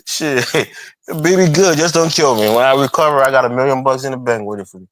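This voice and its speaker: A man hosting a livestream, chatting casually with quick, joking reactions. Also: mid-range voice, no echo. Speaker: livestream host. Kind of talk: casual chat.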